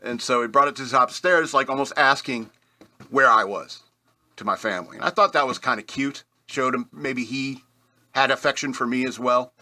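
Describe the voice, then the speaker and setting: Bright-voiced man telling rambling stories. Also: mid-range voice, a little fast. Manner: rambling, self-deprecating, with chuckles. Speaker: radio show host. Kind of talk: casual storytelling.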